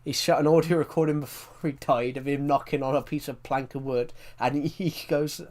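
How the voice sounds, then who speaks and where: A livestreamer chats loosely with his audience during a game in an ordinary mid-range voice that's steady, fairly quick, and a little mellow. He tells rambling stories, breaking off to correct himself before carrying on.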